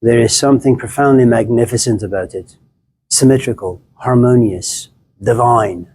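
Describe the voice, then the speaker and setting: A man's voice: mid-range voice, moderate pace, a little mellow, a little hiss or hum. A man giving a live classroom lecture to students, playful and teasing, stacking up jokes through long repetition and calling on students by name.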